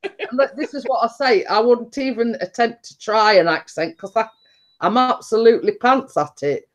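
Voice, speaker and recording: A woman in her fifties from Nottinghamshire, England, speaks with a Nottinghamshire English accent while hosting a casual live chat and reading out comments. She's chatty, laughs often, and pokes fun at herself. Her voice is fairly high and moderately paced, and the recording sounds muffled.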